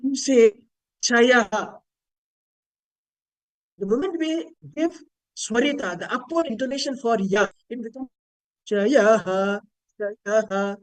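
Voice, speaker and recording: Over a video call, a man from India teaches an online spiritual lecture at a slow, deliberate pace. He explains patiently and chants Sanskrit words to demonstrate rising and falling intonation, his very high voice animated despite the low-quality recording.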